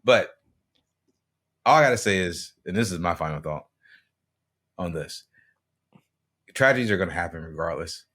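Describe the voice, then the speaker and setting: A man with a notably low voice co-hosts a casual podcast. He explains news stories earnestly and offers his opinions, often restarting his sentences as he goes. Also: expressive, normal speed, long pauses, fairly bright tone. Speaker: podcast co-host. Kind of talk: casual chat.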